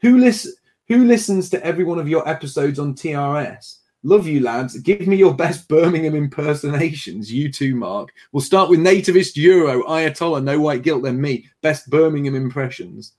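A man's voice: a little high, normal speed, darkish tone. A man hosting a casual panel show, reading out viewer messages with chatty, self-deprecating asides. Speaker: podcast host reading viewer donations.

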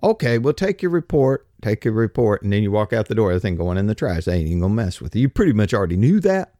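A man's voice: fairly low pitch, very animated, rapid-fire, mellow, dry recording, clean studio sound. A man hosting a podcast, ranting in a casual, colloquial way full of slang. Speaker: podcast host.

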